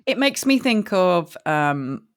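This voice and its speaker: A woman with a low but animated voice co-hosts a relaxed podcast. She is playful and giggly, with her pitch moving a lot as she reacts. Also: slow. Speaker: podcast co-host. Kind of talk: casual chat.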